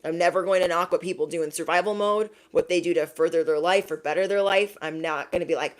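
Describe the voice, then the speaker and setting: A woman giving a casual, chatty tarot reading, acting out the people she quotes in lively voices. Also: lowish voice, quick pace, hardly any pauses. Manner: chatty, animated quoted voices, laughs at own jokes. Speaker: tarot reader.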